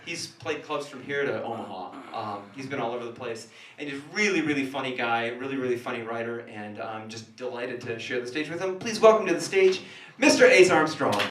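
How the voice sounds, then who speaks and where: In a small café, a man with a mid-range voice does stand-up, brisk and with few pauses, rambling, interrupting himself, and sounding sardonic. He's recorded from a distance in an echoey room, with background noise audible.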